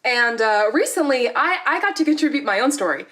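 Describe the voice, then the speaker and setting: High-voiced lively young woman storyteller. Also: brisk. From Southern California. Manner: lively, animated, laughs between stories, acts out quotes. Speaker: storyteller vlogger. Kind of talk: casual personal storytelling.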